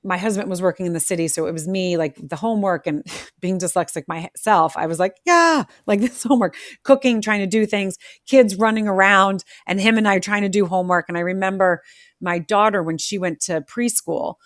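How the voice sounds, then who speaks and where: Lively middle-aged woman hosting an interview. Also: mid-range voice, a little fast, no room sound, studio quality. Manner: animated, acts out family quotes. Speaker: podcast host. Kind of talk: conversational interview.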